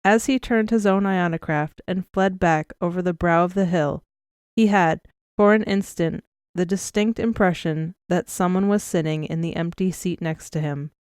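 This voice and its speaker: A woman reads an audiobook with a smooth, clear, slightly low voice. Her telling is even and measured. The recording is close and dry. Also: dry recording. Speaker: audiobook narrator. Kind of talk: scripted narration.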